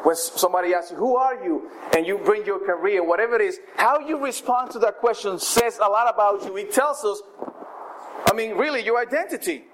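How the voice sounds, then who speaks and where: A high-pitched man preaches a sermon in a loose, conversational way, retelling scripture as if chatting. His speech restarts often. A faint hiss of background noise sits under the recording. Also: a little fast, a bit bright, poor audio.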